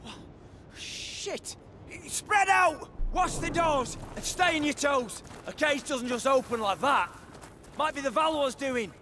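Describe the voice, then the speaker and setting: An actor playing a rough soldier captain in a video game, harsh and commanding. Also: male voice, very high voice, expressive, unhurried, background noise. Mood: alarmed. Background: game music.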